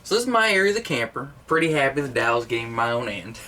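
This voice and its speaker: A man's voice: mid-range voice, very animated, quick pace, bright, forceful tone. An earnest, dim-witted male secretary who rambles cheerfully and misses every joke, voiced by a man. His mid-range voice sounds plain and unforced, with faint background noise in a mockumentary comedy.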